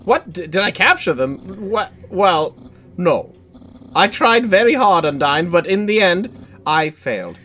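A man's voice: high voice, very animated, measured pace, pushed and bright, slight background noise, voice pushed up, exaggerated voice. A man voicing a boastful but nervous skeleton guard who stammers eagerly while reading the game dialogue. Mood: flustered.

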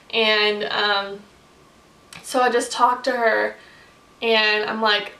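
A woman's voice: mid-range voice, little pitch movement, slow, vocal fry, long pauses, pushed and bright, far from the mic. A young woman talking earnestly in a casual personal vlog, with frequent "like" and "um" fillers. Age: young adult. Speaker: vlogger. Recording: echoey room, speaker away from the mic.

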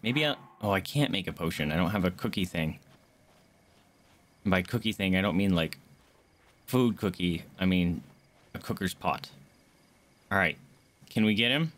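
A young man streaming a game, chatting casually with viewers, excitable, swearing, jumping from hushed asides to loud outbursts. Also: fairly low pitch. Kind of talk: casual gameplay commentary.

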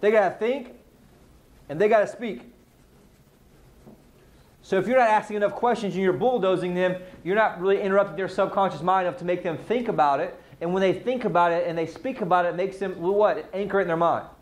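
During a live sales training session, a man with a rather high voice for a male speaker keeps throwing questions at the people listening. He speaks a little fast, pushing his points with driving, energetic emphasis.

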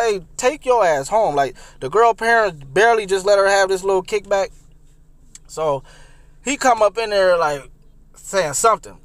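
A young man recounts a comic personal story in a high voice. He is animated and profane, and he repeats phrases as he goes. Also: no room sound.

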